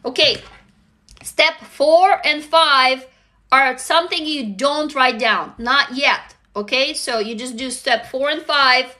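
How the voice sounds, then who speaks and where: A high-pitched woman with a bright, sharp tone leads viewers through a writing exercise on a live stream. She talks in a casual, upbeat way, reads comments aloud and swears freely. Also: measured pace, hardly any pauses.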